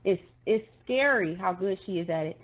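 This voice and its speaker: A woman talking earnestly in a casual online commentary chat, conversational and steady, now and then rising into animated asides. Her voice comes through a tinny, phone-like line. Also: fairly low pitch, moderate pace.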